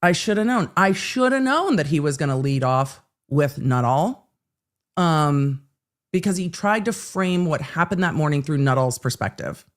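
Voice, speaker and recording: A woman's voice: sits low, lively intonation, moderate pace. A woman hosting a live legal commentary stream, chatty and joking, making asides to herself.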